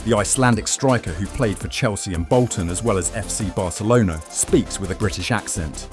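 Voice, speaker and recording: A man reading scripted narration in an even, matter-of-fact way. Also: lowish voice, brisk. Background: music.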